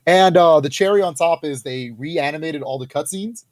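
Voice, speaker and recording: A man's voice: on the high side, dry recording, studio quality. A young man co-hosting a podcast, talking casually and with lots of energy, his speech full of fillers and laughs. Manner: animated, lots of filler words and quick laughs. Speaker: podcast co-host. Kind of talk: casual chat.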